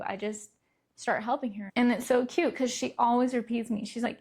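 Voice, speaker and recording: Her voice is fairly high, slightly rough, and moves at normal speed. She's a young woman chatting casually solo on her parenting podcast, laughing lightly mid-sentence.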